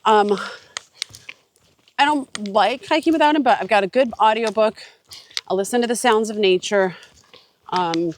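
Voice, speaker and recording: A woman with a stuffy, congested voice talks casually to her viewers while walking a forest trail. She rambles, with plenty of fillers and restarts, into a handheld camera. A faint hiss sits under the recording. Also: mid-range voice. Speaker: hiking vlogger. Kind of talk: casual vlog talk while hiking.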